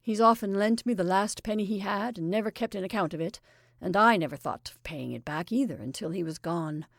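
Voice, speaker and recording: A woman's voice: medium pitch, brisk, vocal fry, dry recording, clean studio sound, close to an everyday voice. A woman doing a gleeful old stage actor. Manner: exuberant, rambling, confiding. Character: jolly middle-aged male stage actor, gleeful and chatty.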